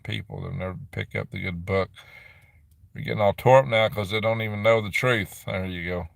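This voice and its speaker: This middle-aged streamer has a lowish, gravelly voice with fairly even intonation, recorded dry and at studio quality. He sits in a dim room on his property, reading the chat aloud and rambling through replies with quick laughs.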